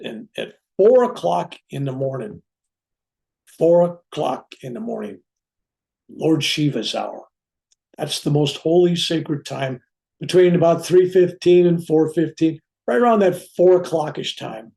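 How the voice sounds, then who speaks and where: A reverend telling a personal spiritual story, acting out what people said along the way. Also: male voice, mid-range voice, gravelly. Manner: animated, acts out dialogue in his own voice. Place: room at home with a bookcase.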